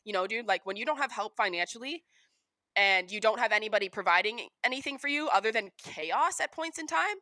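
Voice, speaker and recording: A young woman co-hosts a podcast in easy, unfiltered chat. Her voice is bright and forceful, and it is recorded dry and close. She swears freely and acts out the quotes she tells. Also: mid-range voice, lively intonation, brisk, no echo. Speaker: podcast co-host. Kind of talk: casual chat.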